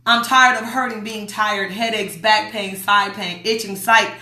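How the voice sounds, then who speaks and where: A woman from Las Vegas talks straight into her phone on a livestream, blunt and emphatic, hammering home her warnings. Her voice is bright and forward, and the room around her is echoey. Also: mid-range voice, fairly even intonation, unhurried. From Las Vegas, USA. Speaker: host. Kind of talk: livestream talk reading viewer comments.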